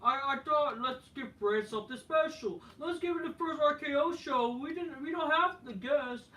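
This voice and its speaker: An eager male talk show host, as a man imitates him, rambles in a raised voice, stumbling over false starts. The tone is bright and a little tense, and the sound comes from a distant mic in an echoing room. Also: very high-pitched, moderate pace, pitched above the performer's own voice. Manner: stammering, many restarts.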